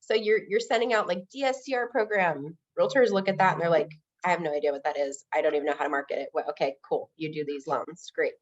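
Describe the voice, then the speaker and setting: A woman's voice: deep voice, quick pace, lo-fi sound. A woman loan officer as an interview guest, talking energetically and acting out quoted conversations with clients. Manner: energetic, acts out quoted dialogue. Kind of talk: casual interview chat.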